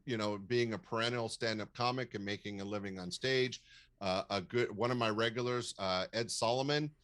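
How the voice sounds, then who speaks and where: Older man, low voice, comedy club owner, measured storytelling, interview advice, fillers. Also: fairly even intonation, a bit bright. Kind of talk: casual interview talk, advising.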